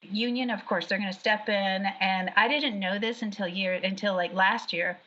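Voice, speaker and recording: A woman's voice: mid-range voice, moderate pace. A woman being interviewed about her work as a background actor. She chats casually and tells stories with lots of energy and laughter. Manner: chatty, animated storyteller who laughs often. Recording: dull lo-fi sound.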